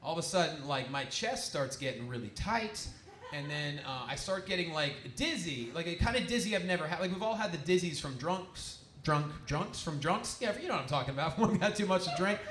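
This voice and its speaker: A man's voice: fairly high pitch, expressive, brisk, fairly bright tone, a little hiss or hum. A man telling a loose, chatty stand-up comedy story, full of "like" and asides. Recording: echoey room.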